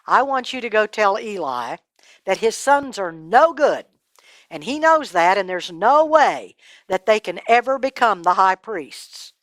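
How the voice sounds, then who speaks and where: A woman voicing God in a storytelling reading, speaking in a plain, measured way. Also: medium pitch, big pitch swings, dry recording. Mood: solemn. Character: God speaking calmly to a boy.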